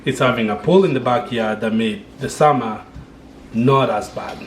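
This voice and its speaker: A man chatting casually with his family in a relaxed, chuckling way. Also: medium pitch, normal speed, roomy sound. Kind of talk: casual chat.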